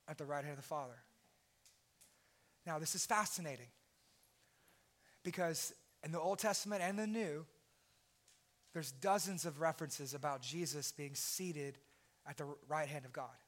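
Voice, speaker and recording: A man preaching a sermon as pastor, impassioned and at times shouting. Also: a little high.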